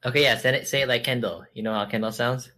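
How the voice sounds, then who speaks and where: A man's voice: medium pitch, steady tone, fast talker, bright, forceful tone. A man co-hosting a casual podcast, joking and laughing often. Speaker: podcast co-host. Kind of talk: casual chat.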